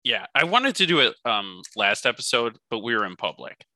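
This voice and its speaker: A man's voice: mid-range voice, big pitch swings, moderate pace, pushed and bright, dry recording. A man co-hosting a podcast, chatting casually and joking with plenty of laughs. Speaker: podcast co-host.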